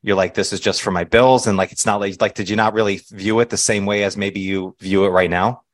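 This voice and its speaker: A man with a fairly low voice hosts a casual podcast interview. He reacts in a loose, rambling way. He leans on fillers as he works his way toward a question. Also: little pitch movement, brisk. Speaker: podcast host.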